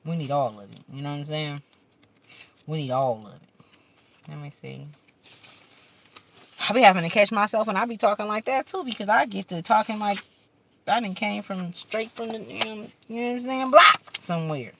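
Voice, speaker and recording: A woman's voice: mid-range voice, normal speed, creaky, long pauses, fairly bright tone, dull audio, a little hiss or hum. A woman doing a casual spiritual card-reading vlog, talking fervently in slang, swearing at times and stumbling as she reads the card text aloud. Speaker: card reader.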